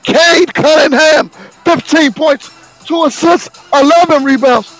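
A man, the show's sports segment host, reading basketball scores and stats in a slow, sing-song way with sudden shouted bursts. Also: extremely high pitch, faint music behind, low-quality recording.

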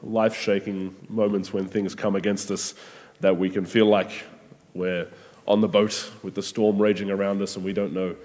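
A man giving a gentle, conversational sermon reflection with frequent pauses and restarts. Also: low voice, little pitch movement. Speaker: preacher. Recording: long hall reverb.

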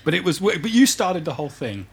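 A man's voice: high-pitched, fast talker, gravelly, a little hiss or hum. A man who is a pastor, joking and teasing in a casual chat in a kitchen. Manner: teasing, animated, jokey. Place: home kitchen.

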